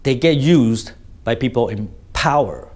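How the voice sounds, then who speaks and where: A man's voice: mid-range voice, expressive, a little slow, darkish tone. Blunt swearing male vlogger. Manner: blunt, swears, tags lines with "right?". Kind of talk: casual storytelling commentary.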